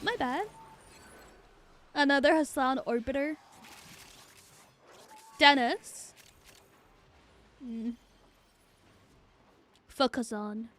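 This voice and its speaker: A young woman streaming, chatting casually in an excitable, profane way with frequent laughter. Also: high-pitched, takes it slowly, pauses often, slight background noise. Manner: excitable, swearing, laughing often.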